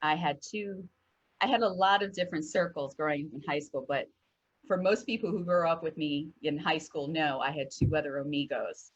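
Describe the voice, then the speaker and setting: A woman co-hosting a heartfelt discussion show, telling stories in an animated way and acting out quotes. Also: low-pitched, moderate pace, husky, highs cut off. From northern United States. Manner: animated storyteller, acts out quotes. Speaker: co-host.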